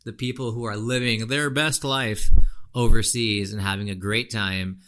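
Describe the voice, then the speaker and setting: A young man hosting a podcast, ranting casually in an animated, frustrated way with plenty of fillers. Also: lowish voice, normal speed, a little hiss or hum. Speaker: podcast host. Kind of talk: casual opinion rant.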